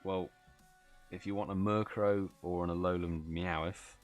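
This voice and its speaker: A man's voice: sits low, steady tone, measured pace, faint music behind. A tired British man hosting a casual live stream, chatting with viewers and reading out their messages. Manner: chatty, reads out chat messages, yawns and laughs. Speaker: livestream host.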